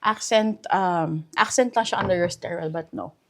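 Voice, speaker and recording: A woman's voice: lowish voice, normal speed. A woman with a Filipino accent hosting a walkthrough house tour, chatty and enthusiastic, mixing English and Filipino. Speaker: real estate house tour host. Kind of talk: casual walkthrough tour commentary. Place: inside a house, walking room to room.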